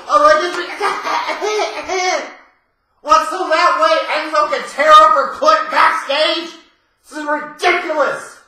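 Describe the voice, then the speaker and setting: A man reviewing a wrestling show in a profane, sarcastic rant with shouted bursts. His voice sits very high and is drawn out slowly. The sound bounces around a very echoey room. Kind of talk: ranting review commentary.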